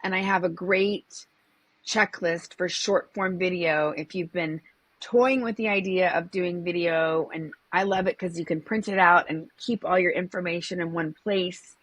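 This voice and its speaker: A woman's voice: on the low side, fairly even intonation, measured pace, fairly bright tone, dry recording. A woman guest, a comedian and presentation coach, speaking in an upbeat, enthusiastic way in a casual interview.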